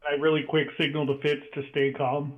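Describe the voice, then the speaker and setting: A man with a fairly high voice talks hesitantly and apologetically as a player in an online tabletop game. His sound is dull and lo-fi, like a cheap microphone. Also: little pitch movement, brisk. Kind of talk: casual tabletop game chat.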